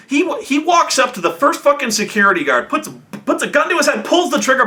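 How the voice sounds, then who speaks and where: A man in his thirties telling tabletop game stories in an excitable, profane way, acting out players with loud outbursts. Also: very high-pitched, a little fast. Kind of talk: animated storytelling chat.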